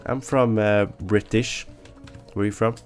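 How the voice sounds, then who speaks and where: A man's voice: lowish voice, steady tone, a little slow, soft background music. A man giving playful, sarcastic commentary while playing a video game with a stranger. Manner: teasing, sarcastic. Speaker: gaming YouTuber.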